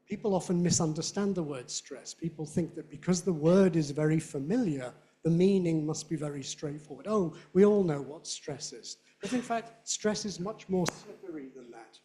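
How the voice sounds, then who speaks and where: A middle-aged man with a Southern British accent giving a playful, animated lecture on phonetics and demonstrating sounds aloud. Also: fairly high pitch, normal speed. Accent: Southern British English. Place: lecture hall.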